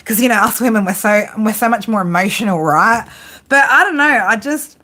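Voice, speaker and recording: Her voice fairly high and sharp, and her pace a little fast, a woman does a casual tarot reading. She is blunt and swears freely, often dissolving into laughter.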